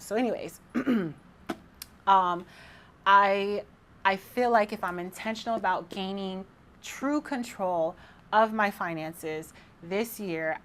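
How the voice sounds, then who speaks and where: A woman in her thirties talking casually to camera as a vlogger, excited and rambling, with frequent restarts. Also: medium pitch, slight background noise.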